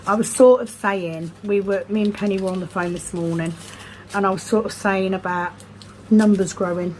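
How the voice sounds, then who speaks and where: A woman vlogging in casual chat while sorting craft supplies at home, self-deprecating, slowly murmuring numbers to herself. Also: medium pitch, steady tone, a little mellow. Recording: noisy background hiss.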